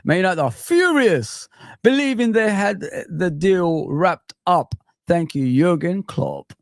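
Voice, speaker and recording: Gravelly, fairly high-voiced man hosting an excitable football live stream, dry close sound. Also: slow pace, dry recording. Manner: excitable, reacts to clips and chat. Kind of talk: casual live-stream chat.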